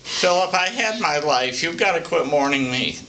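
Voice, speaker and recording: An older man voicing his departed mother as she gently comforts her grown son, in a soft, reassuring way. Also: a little high, expressive, moderate pace, background noise. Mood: consoling.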